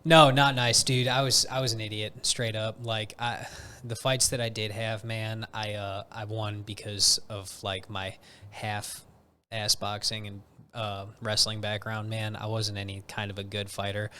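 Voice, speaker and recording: A man's voice: lowish voice, level tone, a little slow, sharp tone, a little hiss or hum. A man in casual podcast chat, talking candidly and running himself down, with "dude" and "man" dropped all through his sentences. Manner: candid, self-deprecating, drops "dude" and "man" often.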